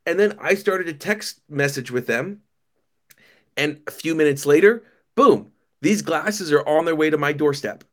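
A man as a podcast guest, talking casually with animated storytelling and stammered restarts. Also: on the high side, normal speed. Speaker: podcast guest, company founder.

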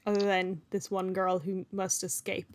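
A woman's voice: medium pitch, monotone, moderate pace. A woman co-hosting a casual book talk, answering with wry, questioning remarks. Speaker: book podcast co-host.

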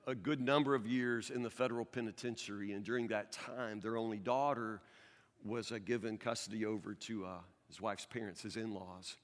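A man preaching a sermon as pastor, earnest, with stammering restarts, swinging from loud to hushed. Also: fairly low pitch, steady tone, fairly quick, big-room sound.

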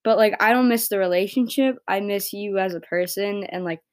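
A woman's voice: mid-range voice, brisk. A young woman hosting her own podcast, talking in a rambling casual monologue full of "like" and "right?", swearing freely and getting heated when frustrated. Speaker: podcast host.

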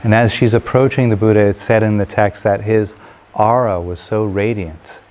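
A man telling a traditional parable in a relaxed, unhurried way, with occasional filler pauses. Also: on the low side. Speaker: storyteller. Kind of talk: spoken parable storytelling.

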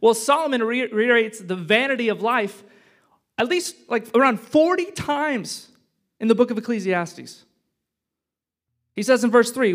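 Pastor, male, high voice, casual sermon, jokey then hushed. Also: expressive, measured pace, long pauses. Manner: conversational and joking, swinging between loud punchy lines and hushed reflective ones.

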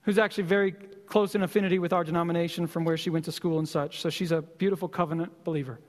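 A man preaching a sermon as pastor, with impassioned, repetitive exhortation and slow emphatic stresses. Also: on the high side, fairly even intonation, big-room sound.

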